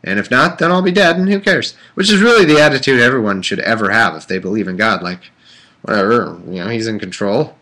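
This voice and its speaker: Bright-voiced man, joking Bible reading. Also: on the low side, lively intonation, fairly quick. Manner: irreverent, joking asides between scripture passages; rambling with many fillers and restarts. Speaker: podcast host reading the Bible aloud. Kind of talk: casual livestream commentary and reading.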